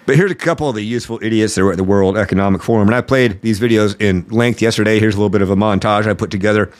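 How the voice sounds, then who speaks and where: A man's voice: lowish voice, racing. Sarcastic ranting male podcast host. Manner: sarcastic, mocking, exasperated. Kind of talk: political commentary rant.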